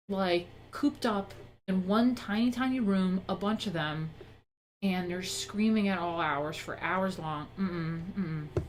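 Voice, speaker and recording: A woman's voice: medium pitch, a little hiss or hum, poor audio. A woman in her thirties hosting a live stream from her home office, chatting casually and ranting bluntly with plenty of swearing.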